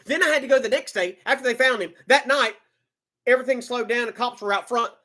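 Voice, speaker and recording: A man telling a personal story in an emotional monologue, agitated, repeating words and swinging between loud outbursts and low muttering. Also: quick pace. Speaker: vlogger telling his own story.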